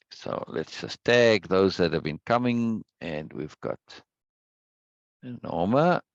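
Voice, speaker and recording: A man hosting a live stream and chatting casually with viewers. He rambles, repeats words and greets people warmly. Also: deep voice, gravelly, dry recording, lo-fi sound. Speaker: livestream host.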